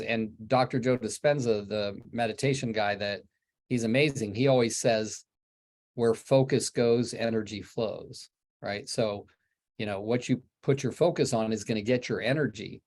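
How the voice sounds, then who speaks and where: A man hosting a group coaching call in a loose, upbeat manner, wandering from point to point. His voice sits at a middling pitch for a man. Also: normal speed, a little mellow. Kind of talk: casual coaching talk.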